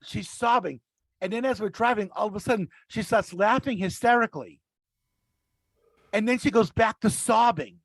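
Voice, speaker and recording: A man who is a podcast regular and works as a rideshare driver tells rambling stories casually, frequently restarting his sentences. His voice is on the high side, at normal speed, with no room sound.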